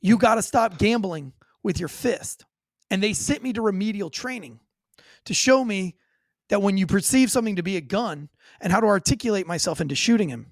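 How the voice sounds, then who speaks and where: A former police officer telling a personal story in an interview, in a blunt and profane way with vivid detail. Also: male voice, sits high, animated, a little fast, no room sound, clean studio sound.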